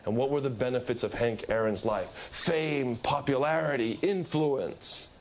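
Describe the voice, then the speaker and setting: A man preaching a sermon, telling a story emphatically with many repetitions. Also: measured pace. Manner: emphatic storytelling, repetitive, lively shifts in pitch.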